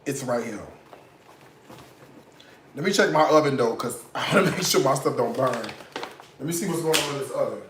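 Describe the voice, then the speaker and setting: A man's voice: medium pitch, normal speed, pauses often, fairly bright tone, echoey room, slight background noise. A man hosting a casual home cooking tutorial in his kitchen, sassy and profane, tipsy from liquor as he rants about bad food. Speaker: home cook, cooking show host.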